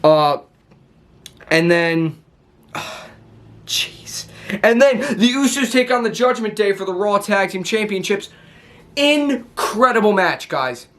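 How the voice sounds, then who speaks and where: A young man with a notably high-pitched voice recaps a wrestling broadcast to his viewers. He rambles excitedly, laughs often and keeps restarting his sentences as he goes. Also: takes it slowly, long pauses. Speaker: wrestling show reviewer. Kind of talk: excited casual recap to camera.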